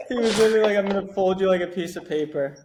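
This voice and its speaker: A man's voice: high-pitched, racing, echoey room, very noisy. Man chiming in on a podcast. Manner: chiming in with short reactions. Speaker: podcast host. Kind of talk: casual chat.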